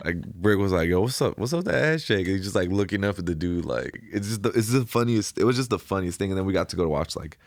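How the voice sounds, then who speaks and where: A young man with a very low, deep voice tells stories as a podcast guest. He talks loosely and casually, with slang and constant "like" fillers. The sound is dry and close to the mic. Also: quick pace, hardly any pauses, no echo. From Ventura County, California. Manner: relaxed, slangy storytelling, filler "like" everywhere. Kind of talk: casual storytelling interview.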